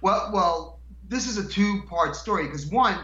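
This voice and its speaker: A man's voice: sits high, expressive, a little slow, pushed and bright, echoey room, lo-fi sound. A man telling stories as a guest in a casual chat, rambling and laughing, with frequent restarts.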